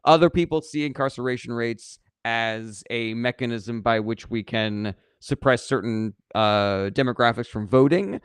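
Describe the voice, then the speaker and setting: A young man from California runs a live question-and-answer stream, reading each comment aloud before answering it. He is blunt and sarcastic and swears casually. His voice is smooth and clear, in dry, close sound. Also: medium pitch, a little slow, few pauses, no room sound. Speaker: livestream host answering viewer questions.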